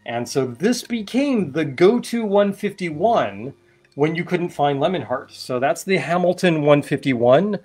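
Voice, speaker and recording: A man's voice: fairly high pitch, animated, unhurried, darkish tone, slightly rough. A man hosting a casual live stream, chatting and explaining while he mixes cocktails, with wry asides. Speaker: host mixing cocktails.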